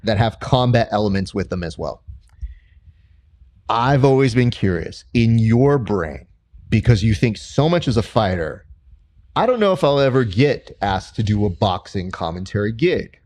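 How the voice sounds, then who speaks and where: A young man hosting a casual interview podcast, telling stories in an animated way and jumping high in pitch when he quotes people. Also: normal speed. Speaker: podcast host and combat sports commentator.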